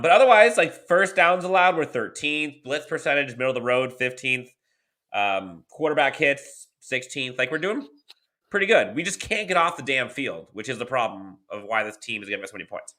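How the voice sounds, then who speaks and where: A man's voice: medium pitch, very animated, fairly quick, pushed and bright. A man co-hosting a sports podcast, rattling off team stats in casual chat with dry laughs. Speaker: podcast co-host.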